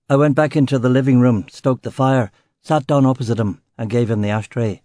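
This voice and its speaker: Man, audiobook narrator, crime fiction, terse wry delivery, mellow tone, dry close sound. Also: medium pitch, fairly even intonation, brisk, no echo. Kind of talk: first-person crime novel narration.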